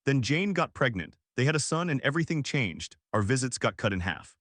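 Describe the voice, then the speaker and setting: A man reading a first-person story aloud in a calm, slow, even scripted narration meant for listeners falling asleep. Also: mid-range voice, husky, no room sound, studio quality.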